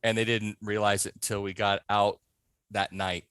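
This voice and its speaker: A man in a casual podcast interview, telling a backstage prank story with animated delivery and acting out the other people's voices. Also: lowish voice, a little fast, clear, resonant tone, no echo. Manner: animated, acts out voices in his stories. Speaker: podcast guest, haunt scare actor.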